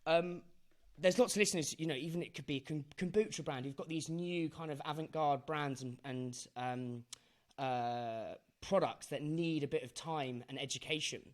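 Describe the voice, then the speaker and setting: A man's voice: on the high side, normal speed. A man hosting a podcast interview, casual and chatty, fond of "like" and "mate" and some swearing. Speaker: podcast host.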